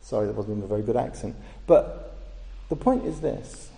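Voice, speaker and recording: A man's voice: fairly low pitch, animated, fairly quick, vocal fry, mellow. A man preaching a sermon in a church, earnest and emphatic, lifting his voice on key words. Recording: echoey church hall.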